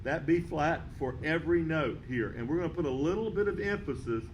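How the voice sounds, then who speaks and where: A man teaching a band lesson, counting beats aloud and explaining rhythm in a steady, patient way. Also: fairly high pitch, brisk, dull audio, faint music behind. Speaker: music teacher.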